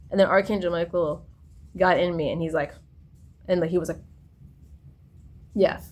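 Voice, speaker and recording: Woman, young adult, personal vlog, tangential storytelling, slightly low pitch. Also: steady tone, normal speed, long pauses, a little mellow. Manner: tangential, full of fillers and restarts. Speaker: vlogger. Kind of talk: rambling personal vlog monologue.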